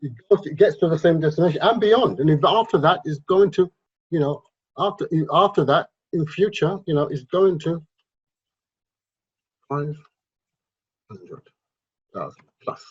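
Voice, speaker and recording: Guy rambling on about charts, kinda husky, muffled lo-fi audio. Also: fairly high pitch, a little slow, pauses often. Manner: rambling, repeats himself, self-corrects. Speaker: crypto investment channel host. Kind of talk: casual explainer at a drawing board. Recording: muffled lo-fi sound.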